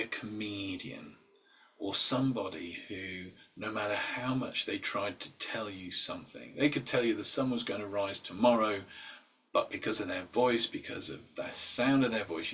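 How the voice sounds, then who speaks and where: A husky man with a fairly low voice leads an informal mindset workshop. He talks with fillers and restarts and slips into quoted inner voices. The mic picks him up from some distance. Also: a bit bright. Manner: conversational, with filler words and restarts. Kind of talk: informal talk.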